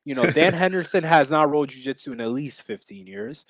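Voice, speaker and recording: Brash, rambling man with a high voice. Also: expressive, a little fast, dry recording. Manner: brash, rambling, profane, with lots of fillers. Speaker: podcast co-host and MMA bettor. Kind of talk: casual betting chat.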